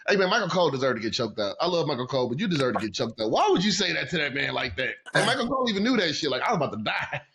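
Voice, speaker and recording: A man co-hosting a casual wrestling podcast, talking in a profane, excitable way and laughing often. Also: a little high, rapid-fire, creaky, hardly any pauses, noisy background. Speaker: podcast co-host.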